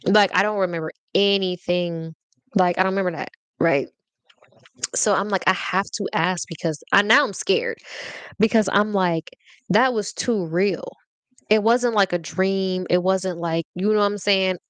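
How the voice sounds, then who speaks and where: A woman's voice: medium pitch, moderate pace, clear, resonant tone, dry recording. A woman hosting a podcast, telling a personal story in a casual, slangy way and often checking in with her listeners. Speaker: podcast host.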